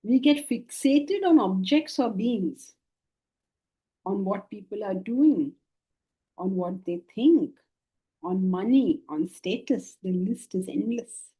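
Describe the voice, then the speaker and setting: Husky, mellow-voiced woman teaching philosophy. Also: medium pitch, takes it slowly, pauses often, low-quality recording. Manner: lively, questioning the class. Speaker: Vedanta teacher. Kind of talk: spiritual lecture.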